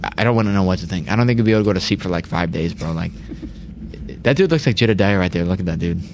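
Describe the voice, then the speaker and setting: A man's voice: sits low, lively intonation, rapid-fire, a little hiss or hum. A young man hosting a casual sports chat, rambling, repeating words and saying "like" a lot. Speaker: podcast host.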